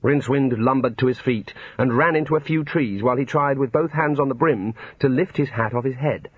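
A man's voice: medium pitch, a little fast, slightly rough, dry recording. A man narrating a comic fantasy novel in a dry storytelling manner. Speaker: audiobook narrator. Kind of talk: scripted narration. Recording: dull lo-fi recording.

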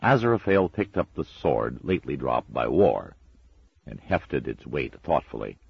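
A man narrating a storybook in a measured, dry and expressive way. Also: rumbling low, creaky, husky, no room sound, muffled recording. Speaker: audiobook narrator.

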